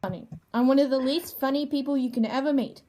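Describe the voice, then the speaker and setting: A woman reading a comedy roast aloud in a stilted, over-enunciated way, with slow, awkward pauses. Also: high-pitched, mellow. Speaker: younger self in an old video clip.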